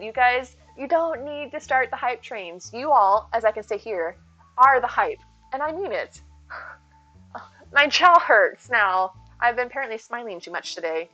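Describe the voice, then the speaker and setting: A woman's voice: fairly high pitch, pushed and bright. A woman live streaming a game, chatting casually and bubbly with her viewers and thanking them often. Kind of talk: casual chat while gaming. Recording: slightly dull sound with faint music.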